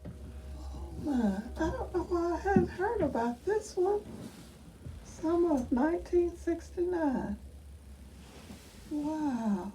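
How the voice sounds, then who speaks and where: Slow, fond older woman, distant and noisy. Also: extremely high pitch. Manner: fond, exclaiming, slow and drawn-out. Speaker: retired first grade teacher. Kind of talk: reminiscing while looking through a book. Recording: distant mic with steady background noise.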